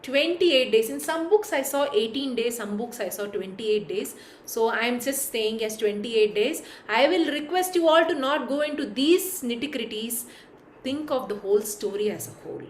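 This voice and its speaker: High-voiced woman storyteller. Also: moderate pace, slight background noise. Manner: expressive, questions to listeners, dramatic hushes. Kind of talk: devotional storytelling to an audience. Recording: echoey room.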